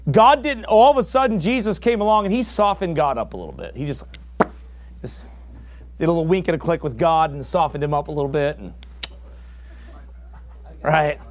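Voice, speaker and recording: Fiery preacher man, higher voice. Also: sing-song, normal speed, long pauses. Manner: fiery, rising to shouts. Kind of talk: sermon.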